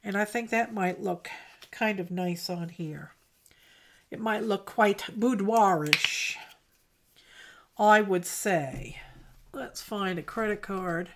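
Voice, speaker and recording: A woman hosting a casual art livestream, chatting softly and greeting viewers by name as she paints. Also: mid-range voice, takes it slowly, pauses often, slight background noise.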